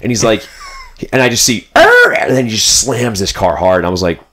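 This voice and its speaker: A man's voice: on the low side, a little fast. A young man telling a road trip story in casual, rambling podcast chat, full of "like" and "dude". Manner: rambling, animated, fillers like "like" and "dude".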